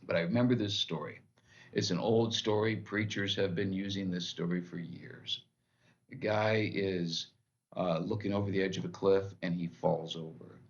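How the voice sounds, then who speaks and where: Male pastor, devotional sermon; gravelly, lowish voice; earnest and plain-spoken; lo-fi sound. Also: steady tone, normal speed. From United States. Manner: earnest, plain-spoken preaching with short repeated phrases.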